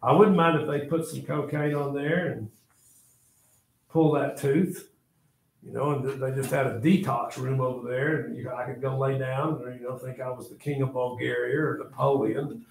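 A man's voice: medium pitch, steady tone, normal speed, gravelly. An older man lecturing a class, rambling and joking as he tells stories and turns to his students. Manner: rambling, jokey storytelling with asides to students. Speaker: history teacher.

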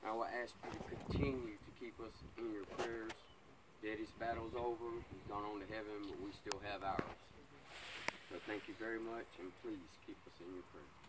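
Guy with a lowish voice thanking folks at a graveside, plain and earnest, noisy outdoors. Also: level tone, brisk. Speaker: son thanking the mourners. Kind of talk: brief formal thanks. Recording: loud outdoor background noise.

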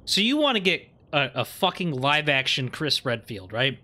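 A young man streaming a video game with casual commentary. He swears freely and rants with growing excitement. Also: mid-range voice, moderate pace. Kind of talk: casual let's-play commentary.

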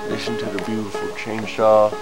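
A man's voice: fairly low pitch, huge pitch swings, moderate pace, creaky, music in the background, exaggerated voice, low-quality recording. A man playing a rambling, unhinged backwoods man. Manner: rambling, stammering, sudden outbursts. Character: rambling unhinged backwoods man, proud of his forest home. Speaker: comedian. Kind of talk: improvised comedy sketch.

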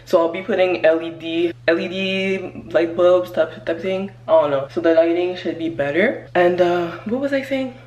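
A young woman from Canada chats to the camera in a relaxed home vlog. Her voice sits a little low, and she rambles easily from one thing to the next, calling her viewers "girl.". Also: moderate pace, few pauses, lo-fi sound. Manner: chatty, rambling, says "girl" and "like". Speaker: vlogger. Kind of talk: casual vlog chat.

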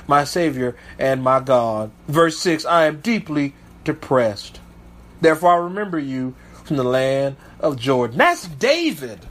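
A man preaching as a pastor, reading Bible verses aloud and breaking off to comment with emphatic asides. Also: fairly high pitch. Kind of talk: sermon with scripture reading.

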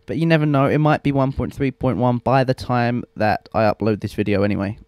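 A man's voice: medium pitch, a little fast, darkish tone, smooth, no echo, clean studio sound. A young man giving rambling, self-mocking gameplay commentary and swearing freely. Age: young adult. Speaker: let's play host.

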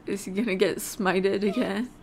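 A woman hosts a casual let's play, chatting as she plays and talking to the game's characters. Her mid-range voice has fairly even intonation, vocal fry, and normal speed. She's chatty and easily distracted, with slight background noise behind her.

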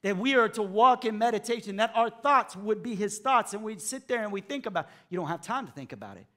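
A male pastor preaching a sermon, acting out the voices of doubters, then dropping to hushed emphasis. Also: sits high, animated, brisk.

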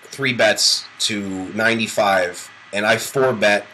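A man's voice: lowish voice, fairly even intonation, pushed and bright, a little hiss or hum, rough recording. A young man co-hosting a poker stream, chatting casually and retelling a hand he played. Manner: quick asides about hands, storytelling. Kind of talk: casual live-stream chat.

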